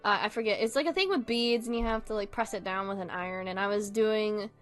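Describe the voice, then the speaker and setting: A young woman hosting a casual video, reading online posts and commenting in an animated way, swearing freely and laughing often. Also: medium pitch, quick pace, soft background music.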